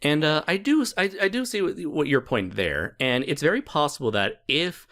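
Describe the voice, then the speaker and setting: A man's voice: fairly high pitch, sing-song, moderate pace, a bit bright, a little hiss or hum. A man in casual podcast film talk, easygoing and hesitant, with lots of fillers and frequent laughter.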